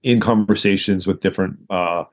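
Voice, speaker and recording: Guest artist, male, low voice, halting conversational delivery. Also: fairly even intonation. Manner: hesitant, many "uh" and "you know". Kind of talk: casual interview chat.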